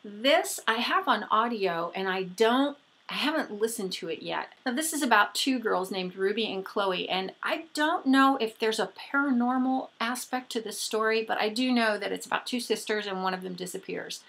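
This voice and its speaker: A woman's voice: mid-range voice, expressive, moderate pace, creaky, a bit bright. A woman chatting casually and gushingly as a book vlogger showing off her new books. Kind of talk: casual book haul chat.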